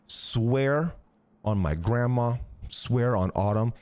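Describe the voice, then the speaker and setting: A man streaming live, telling chat a crude, animated story full of swearing. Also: mid-range voice, takes it slowly, no room sound.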